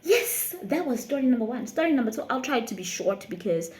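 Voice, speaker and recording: A South African woman, a YouTuber, telling a lively storytime tale with frequent laughter. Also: a little high, fast talker, reverberant. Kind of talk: storytime vlog.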